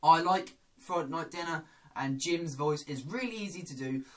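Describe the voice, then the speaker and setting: A man's voice: a little high, moderate pace, a bit bright. A man hosting a casual comedy vlog, chatty and self-deprecating. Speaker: YouTuber.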